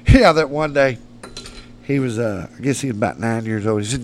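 A man's voice: mid-range voice, fairly quick, slight background noise. A man, a podcast guest telling rowdy, profane stories and laughing as he goes. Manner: profane, laughs mid-story. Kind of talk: rowdy storytelling.

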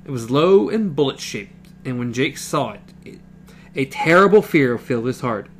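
Lively man chatting and reading aloud. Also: medium pitch, normal speed, slightly rough. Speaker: book club co-host reading aloud. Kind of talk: casual book discussion with read-aloud passages.

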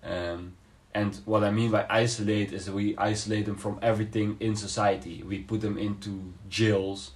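A man with a fairly low voice explains his ideas slowly in a casual podcast debate. He pauses often, reaches for words, and restarts his sentences as he thinks aloud. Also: flat delivery. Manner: thoughtful, hesitant, many fillers and restarts. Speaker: podcast co-host.

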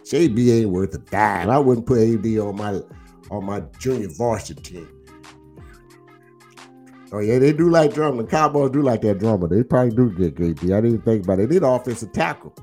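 A man's voice: on the low side, brisk, faint music behind. A man hosting a casual livestream, teasing and drawling as he talks football smack with viewers. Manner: animated, teasing, drawling, repeats himself. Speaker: livestream host.

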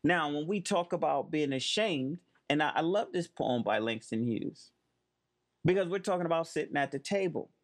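A man's voice: on the high side, expressive, normal speed. Emphatic man giving commentary. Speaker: host. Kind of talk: monologue commentary.

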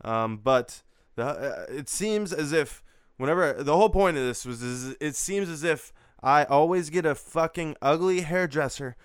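A man's voice: fairly high pitch, moderate pace, few pauses, smooth, dry recording, studio quality. A young man hosting a crude morning beer-review show, rambling and swearing with lots of fillers. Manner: profane, rambling, frequent fillers. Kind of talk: crude casual morning vlog.

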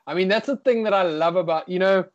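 A man's voice: high voice, fast, highs cut off, a crowd in the background. A young man with a South African accent, a guest musician chatting casually in an interview, slangy and easygoing. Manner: laid-back and chatty, slangy.

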